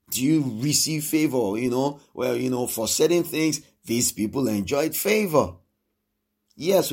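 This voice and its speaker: A man's voice: on the high side, creaky, breathy edge. A man preaching a sermon, emphatic and repetitive, asking his listeners questions and acting out quoted speech. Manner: emphatic, repeats phrases, asks the congregation questions; acts out quoted speech with sudden swings in loudness.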